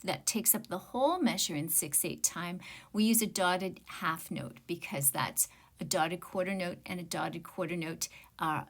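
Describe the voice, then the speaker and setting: Slow, patient woman music teacher. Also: fairly low pitch. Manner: slow, patient explaining, counting and chanting rhythm syllables. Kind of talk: online rhythm lesson.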